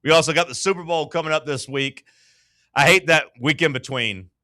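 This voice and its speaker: A man's voice: on the high side, fairly quick, sharp tone, dry recording, clean studio sound. A man hosting a casual sports talk show, loose and chatty with lots of filler words.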